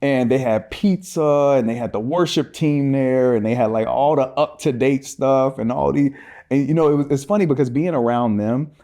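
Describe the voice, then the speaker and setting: A man co-hosting a podcast, telling a personal story in a casual, animated way and acting out the voices of people in it. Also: medium pitch, moderate pace. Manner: animated, acts out quoted voices, laughs often. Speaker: podcast co-host.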